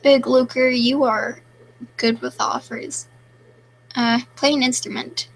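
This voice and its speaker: A woman's voice: high-pitched, fairly even intonation, slow, a little hiss or hum, poor audio. A young woman casually chatting on a live stream, reading viewer questions aloud and answering them offhandedly.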